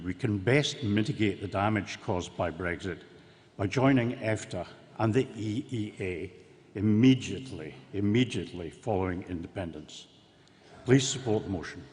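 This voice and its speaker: A man's voice: fairly low pitch, expressive, normal speed, darkish tone. Earnest man addressing a conference hall. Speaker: conference delegate moving a motion. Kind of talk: prepared political speech. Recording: reverberant conference hall with faint room noise.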